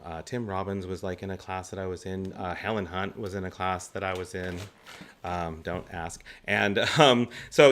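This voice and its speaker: A man's voice: deep voice, fairly bright tone. Chatty man telling theatre stories. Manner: chatty, laughs often between stories; gives practical stage tips. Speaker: guest actor. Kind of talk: anecdotal interview storytelling.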